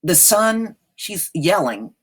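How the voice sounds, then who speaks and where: Slow, sassy woman commentator. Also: lowish voice, sing-song, husky. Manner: sassy, blunt, slangy. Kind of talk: casual reaction commentary.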